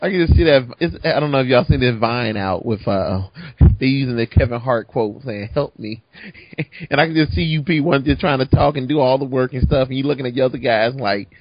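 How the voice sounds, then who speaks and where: A man's voice: medium pitch, fairly quick, no echo, dull audio. A man cracking jokes and teasing asides in a casual chat.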